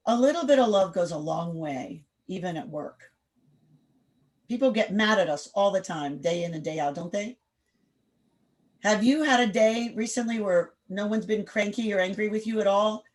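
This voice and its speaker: A woman leading an interactive online class over a video call, direct and firm, quizzing the group with quick questions. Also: medium pitch. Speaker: workshop instructor.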